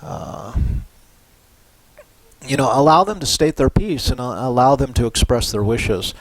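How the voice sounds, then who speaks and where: A middle-aged man lecturing on psychology in an easygoing, chatty manner, checking in with "right?" as he goes. His voice sits at an ordinary pitch for a man. The recording is close and dry, with no room echo. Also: animated, unhurried. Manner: casual, conversational, often adds "right?" and "you know".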